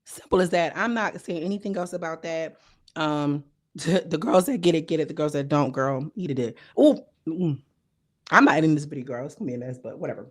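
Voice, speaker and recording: A young woman recapping a reality show in casual, slangy chat, her voice a little hoarse. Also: low voice, a little fast. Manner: chatty, slangy, animated retelling. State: slightly hoarse voice.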